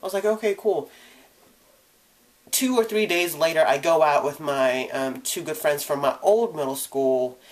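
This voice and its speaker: A young man telling his own coming-out story in a vlog, candid and casual, acting out the people he quotes with sudden jumps in pitch and volume. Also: normal speed. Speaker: vlogger.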